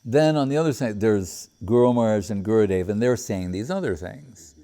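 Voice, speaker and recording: Reflective man with a mellow voice. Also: fairly low pitch, expressive, brisk. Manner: reflective, paraphrasing his teacher with feeling. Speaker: spiritual teacher. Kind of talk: devotional talk with personal stories.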